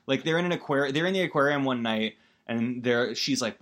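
A man's voice: mid-range voice, a little fast, a bit bright. A man giving a casual, rambling movie recap as a podcast host, full of fillers and wry emotion.

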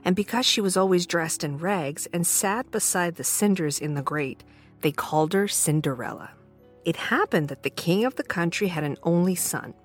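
Lively, expressive woman storyteller. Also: on the low side, normal speed, faint music behind. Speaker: storytime host. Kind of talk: children's story narration.

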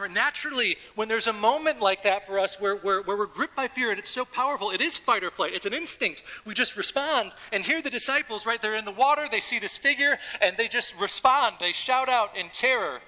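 A man preaching a sermon as a pastor, in a casual, animated way with everyday slang, a father of young children. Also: sits high, long reverb tail, low-quality recording. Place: church.

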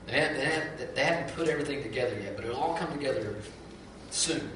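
A man preaching a sermon, telling the story with lively acted-out quotes and frequent repeats and restarts. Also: medium pitch, a little fast, very echoey, distant mic, noisy background. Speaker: pastor.

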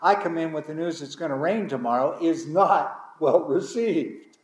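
Male pastor, slightly high voice, casual storytelling sermon, big dramatic emphasis, roomy reverb. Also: normal speed. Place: congregation hall. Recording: echoey room.

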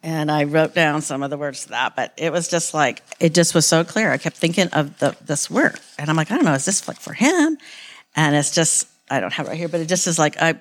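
A woman's voice: sits low, steady tone, a little fast, few pauses. A woman giving an informal sermon, earnest and rambling, with many "like"s and restarts. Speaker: church speaker.

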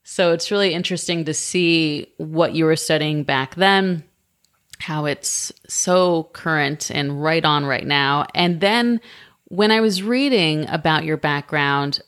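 Woman interviewer, slightly low pitch; engaged, conversational delivery. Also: measured pace, fairly bright tone, smooth. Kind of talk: interview questions.

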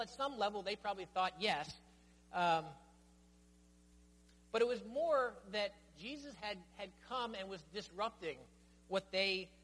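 A man's voice: high-pitched, fairly bright tone, slight background noise. A middle-aged man preaching a sermon as pastor, emphatic and building his points in stressed lists. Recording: long reverb of a church hall.

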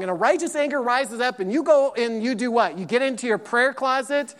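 A man preaching a sermon as pastor, emphatic and lively, repeating points and acting out quotes. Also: extremely high pitch, brisk, hardly any pauses. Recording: long hall reverb.

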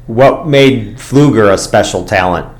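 A man interviewing a guest, asking short questions in a calm way. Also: on the low side, measured pace, a little hiss or hum.

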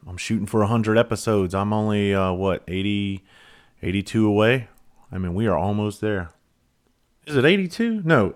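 A middle-aged man hosts a podcast, telling a rambling, profane story in a loose, self-mocking way. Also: fairly low pitch. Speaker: podcast host. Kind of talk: casual storytelling.

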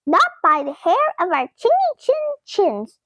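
A woman's voice: very high-pitched, wildly swooping pitch, unhurried, fairly bright tone, no room sound, pitched above the performer's own voice, full character voice. A woman voicing a feisty, defiant little female guinea pig in a children's storybook.

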